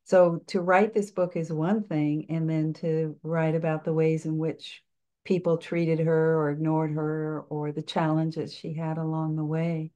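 A woman's voice: low voice, little pitch movement. Reflective older woman coaching voice. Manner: reflective, halting, with gentle restarts. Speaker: speaking coach. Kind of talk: interview answers.

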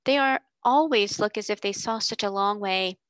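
A woman's voice: medium pitch, normal speed, a bit bright, dry recording, lightly acted, poor audio. A woman voicing a timid, admiring schoolgirl who asks nervous questions. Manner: hesitant, wide-eyed questions. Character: timid, adoring schoolgirl friend.

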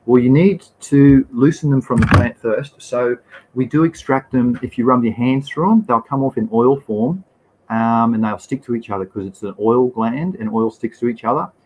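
A man's voice: mid-range voice, normal speed, darkish tone, a little hiss or hum, rough recording. A man with an Australian accent hosting a live stream and answering chat questions in a laid-back, rambling way, with slang and the odd swear word. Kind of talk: casual live Q&A.

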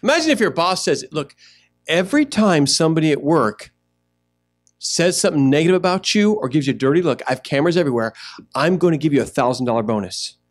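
A man pastor preaching a sermon in a church, animated, acting out little scenes as he goes. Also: on the high side, fast talker, faint music behind. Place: church sanctuary.

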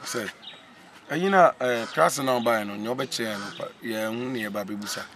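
A man's voice: mid-range voice, normal speed, a bit bright, close to an everyday voice. A man acting a timid young man who pleads with stammers and repeated "sir". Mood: pleading. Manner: begging, stammering.

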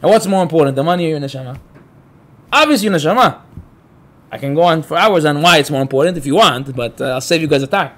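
A man's voice: fairly high pitch, fast talker. A man, a rabbi, giving a Torah class to a live group, telling stories with energy, acting out quotes and asking the room questions. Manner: animated storyteller, acts out quotes; talks to the room, asks the listeners.

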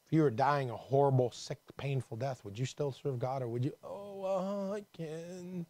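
Man preaching, swinging loud and soft. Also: mid-range voice, steady tone, brisk, no echo. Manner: conversational preaching, swinging from hushed to emphatic. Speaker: pastor. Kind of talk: sermon. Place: church.

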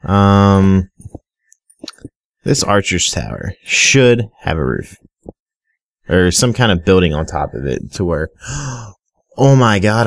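A man's voice: low voice, dry recording, clean studio sound. A young man giving casual, rambling Minecraft commentary, often stuttering and talking straight to his viewers. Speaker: gaming video creator.

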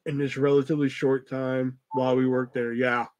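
A man's voice: mid-range voice, little pitch movement, fairly quick, noisy background. A young man hosting a podcast, telling a story in a loose, profane, rambling way full of fillers. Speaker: podcast host. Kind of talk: casual storytelling.

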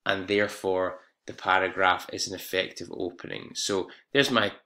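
A man's voice: low voice, steady tone, normal speed, bright, forceful tone. A man teaching an exam-prep English lesson, explaining step by step with fillers and self-corrections.

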